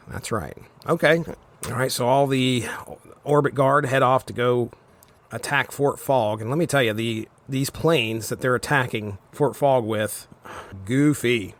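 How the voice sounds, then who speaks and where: A man hosting a comic book podcast, casually recapping a comic and reading out machine-made summaries, with quick chuckling asides. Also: medium pitch, fairly bright tone. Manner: reads AI summaries aloud and comments on them. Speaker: podcast host.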